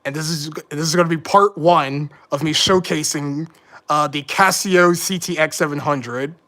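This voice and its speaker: Pitched on the high side with a pushed, bright quality, the man keeps a moderate pace. He's hosting a casual livestream, rambling, catching his own mistakes, and showing mild annoyance.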